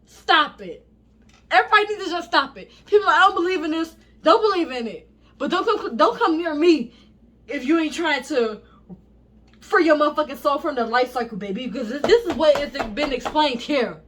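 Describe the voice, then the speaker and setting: A high-pitched woman reads spiritual text aloud and keeps interrupting herself with blunt, profane asides. Her delivery is animated and emphatic, and she often laughs and apologizes over her own stumbles. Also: normal speed. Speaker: vlogger reading scripture. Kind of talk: casual reading and commentary.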